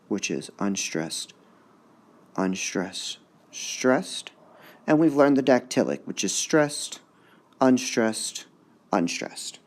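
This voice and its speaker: A man teaching a recorded high school lesson, sounding out words slowly and exaggerating the stress. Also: a little mellow.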